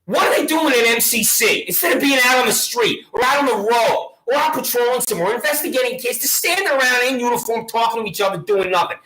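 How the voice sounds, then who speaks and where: A woman's voice: a little high, fast, hardly any pauses, fairly bright tone. A woman with a Long Island accent, ranting in a sarcastic, taunting way straight to the camera, repeating her jabs. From Long Island, New York. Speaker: vlogger. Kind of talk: mocking direct-address rant. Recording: echoey room.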